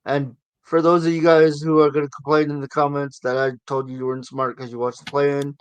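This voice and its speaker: A man's voice: fairly high pitch, level tone, a little fast, smooth, no echo. A man hosting a casual sports talk show, chatty and given to sarcastic asides. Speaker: sports podcast host.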